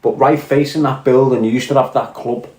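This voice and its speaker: A man's voice: medium pitch, steady tone, fairly quick, a little mellow. A man with a Scouse accent hosting a casual podcast chat, rambling and reading out viewer comments. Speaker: podcast host. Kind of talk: casual live-stream chat. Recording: echoey room.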